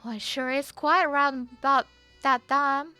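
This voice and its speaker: A woman's voice: high voice, steady tone, normal speed, pushed and bright, no echo, soft background music, pitched above the performer's own voice. A woman playing a polite, folksy Southern belle in a wild west role-play, with a put-on Southern US accent.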